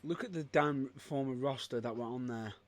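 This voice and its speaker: A man co-hosting a casual chat show, excitable, with loud outbursts and rapid rambling asides. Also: medium pitch, dry recording. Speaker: podcast co-host.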